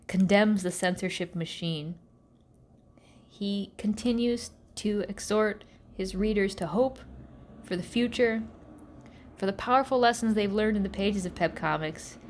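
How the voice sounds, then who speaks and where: A woman hosting a podcast, recapping episodes in a sarcastic, animated storytelling way and slipping into mock voices for the characters. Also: mid-range voice. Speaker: podcast host.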